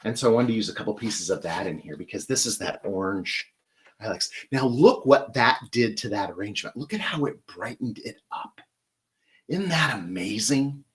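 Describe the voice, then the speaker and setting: A man's voice: lowish voice, a bit bright. Chatty man demonstrating flower arranging. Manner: chatty, enthusiastic, talks while working with hands. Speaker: florist host.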